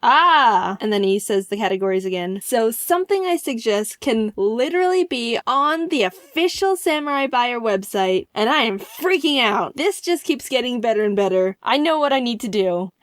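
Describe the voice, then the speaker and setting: A young woman tells a comedic story with quick bursts of excitement, giggles and self-mocking asides. Her voice sits a little high, and the recording is close and dry with no room echo. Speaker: animated storyteller.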